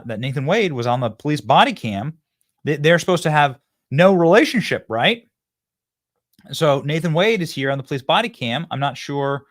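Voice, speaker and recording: Animated sarcastic male show host. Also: fairly high pitch, dry recording, studio quality. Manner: mocking, sarcastic, animated delivery. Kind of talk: political commentary show.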